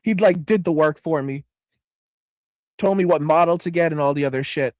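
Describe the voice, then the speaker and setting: High-voiced swearing livestream host, dry sound. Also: male voice, moderate pace, a little mellow, dry recording. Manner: rambling, swears a lot, repeats phrases; reads viewer comments aloud. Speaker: livestream host reading chat. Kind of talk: casual profane livestream chat.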